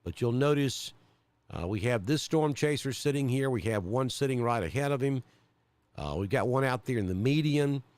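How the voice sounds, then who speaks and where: A man's voice: mid-range voice, lively intonation, normal speed, darkish tone, no echo. A man from central Alabama with a Southern accent, giving live storm coverage as a weather broadcaster and thinking aloud with many fillers.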